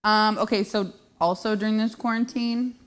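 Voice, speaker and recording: A woman's voice: medium pitch, steady tone, moderate pace, clean tone. Joking, self-deprecating woman host. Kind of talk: casual live-show chat.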